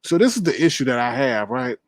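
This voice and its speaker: A man's voice: mid-range voice, big pitch swings, no echo. A man hosting a live-stream commentary show, talking in a chatty, opinionated way. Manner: chatty, opinionated, quick to laugh. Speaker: host.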